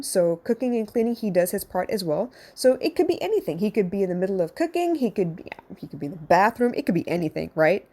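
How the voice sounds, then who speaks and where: A woman's voice: medium pitch, warm tone. A woman counselor hosting a podcast, giving blunt, direct advice to her listeners in a casual monologue with some swearing. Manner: conversational, addressing listeners directly.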